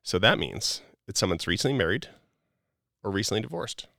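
A man's voice: on the low side, big pitch swings, brisk, vocal fry, sharp tone, no room sound, studio quality. A middle-aged man, a podcast guest, talking in an earnest, preachy, motivational way with many casual "like" fillers.

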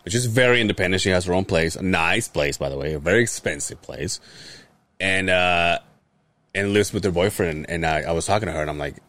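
A man co-hosting a podcast, telling a story in casual chat, animated and laughing as he goes. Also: deep voice, a little fast, long pauses. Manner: animated, laughs through his stories. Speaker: podcast co-host.

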